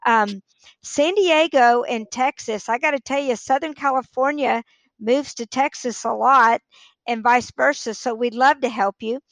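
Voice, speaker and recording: A woman's voice: a little high, unhurried, no room sound. A woman guest on a podcast interview, talking in an earnest, businesslike way while losing her voice. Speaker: podcast guest, real estate leader. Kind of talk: casual interview talk.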